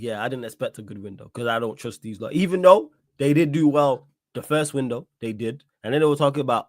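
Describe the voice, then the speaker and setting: A man with a mid-pitched voice banters and teases his co-hosts about football in loose slang. His voice sounds dry and close. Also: no room sound. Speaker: podcast co-host. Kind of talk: casual football chat.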